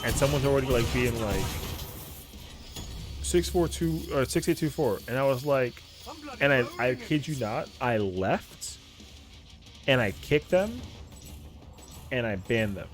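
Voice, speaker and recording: Man, streamer, casual story, slangy, profane, animated, clear music behind. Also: mid-range voice, unhurried, long pauses. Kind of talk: casual storytelling while gaming.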